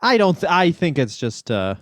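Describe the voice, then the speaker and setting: Animated man with a higher voice, profane. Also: moderate pace, no room sound. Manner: animated, profane comic bits, jumps into high voices. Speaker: podcast co-host. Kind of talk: casual comedic chat.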